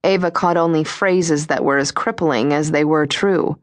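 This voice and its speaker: A woman narrating a suspense audiobook in a measured, steady reading voice. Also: low-pitched, dry recording, studio quality.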